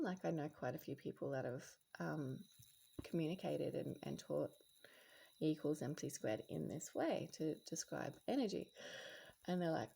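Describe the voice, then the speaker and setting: A woman with a low, heavily gravelly voice that is dark and husky in tone. She talks in a casual late-night monologue, rambling and reflective, often restarting her sentences. Now and then she slips into soft whispered asides. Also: animated, moderate pace. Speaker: spiritual vlogger.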